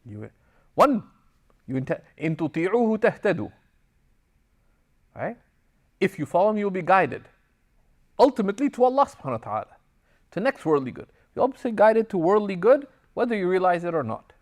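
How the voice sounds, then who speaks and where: An Islamic teacher gives a recorded class lecture, reading Arabic passages and explaining them in English, with personal stories and anecdotes where he briefly acts out dialogue. His high voice is lively and quick, and he pauses often.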